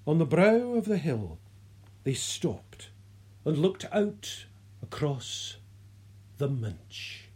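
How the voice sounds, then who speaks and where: A narrator reading a story aloud in a soft, unhurried way, sometimes dropping to a whisper. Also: mid-range voice, very animated, breathy edge. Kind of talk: audiobook narration.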